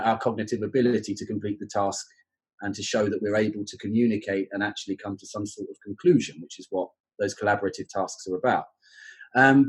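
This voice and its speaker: Husky man explaining calmly. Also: fairly low pitch, low-quality recording. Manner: explanatory, reflective. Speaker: exam coordinator guest. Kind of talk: casual podcast conversation.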